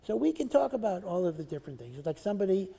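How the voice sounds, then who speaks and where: A rabbi giving an earnest Torah lecture, asking rhetorical questions and mixing in Hebrew and Yiddish terms. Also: male voice, high voice, very animated, rapid-fire, creaky, dark tone. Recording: hall with long reverb.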